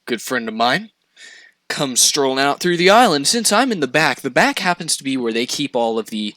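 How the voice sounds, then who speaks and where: A young man casually telling a story on a podcast, animated and profane, laughing as he goes. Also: mid-range voice, a little fast, dry recording.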